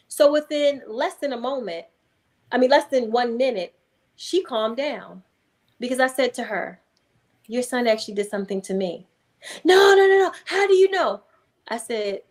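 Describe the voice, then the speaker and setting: Speaking in a fairly high register, this female hypnotherapist is being interviewed in a relaxed conversation. Her storytelling is calm yet emphatic, and she performs the different voices within her anecdotes.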